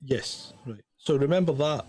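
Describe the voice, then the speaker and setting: A man's voice: on the high side, normal speed, a little mellow, breathy edge, no echo. A middle-aged man, co-hosting a live stream in blunt, sweary, teasing chat. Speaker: co-host.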